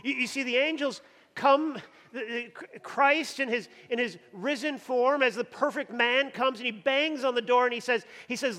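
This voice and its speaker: A man's voice: very high-pitched, moderate pace, bright, forceful tone. A man preaching a sermon with emphasis, often repeating words as he builds up. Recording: long hall reverb.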